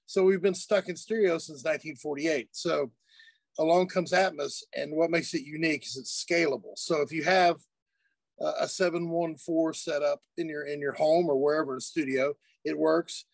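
A man's voice: fairly high pitch, moderate pace, vocal fry, no room sound. A man, a music producer and engineer, talking casually as a guest from his studio, with easy laughs and many restarts. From United States. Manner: relaxed, chatty, laughs easily, many fillers and restarts. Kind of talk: casual interview chat.

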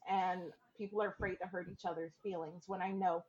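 A woman guest on a podcast, chatting candidly with frank, swear-filled, animated storytelling. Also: fairly low pitch, a little fast, lo-fi sound. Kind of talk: candid casual chat.

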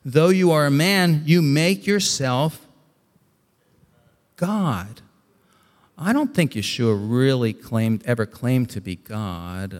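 A man preaching a sermon, reading scripture aloud and explaining it, climbing to excited emphasis and then dropping to quiet asides. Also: on the high side, slow. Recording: long hall reverb.

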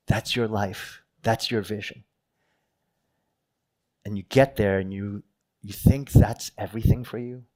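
A middle-aged male pastor delivering a sermon, his voice swinging up when he acts out people's boasting and dropping to a hushed, grave tone for warnings. His delivery is lively and uneven, with quick bursts and drawn-out phrases. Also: medium pitch.

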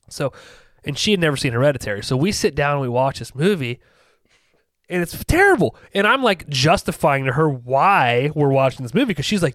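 A man chatting on a podcast, his voice sitting a little high and sounding dry and close. He tells stories with plenty of swearing and dramatic re-enactments of what he said. He speaks casually, with frequent restarts. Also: fairly quick, dry recording. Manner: animated storyteller, swears, acts out his own past rants. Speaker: podcast co-host. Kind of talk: casual chat.

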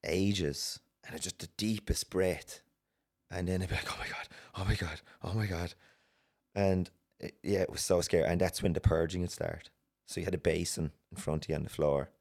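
An Irish man telling a personal story as a podcast guest, earnest and halting, with many restarts. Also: sits low, darkish tone. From Ireland.

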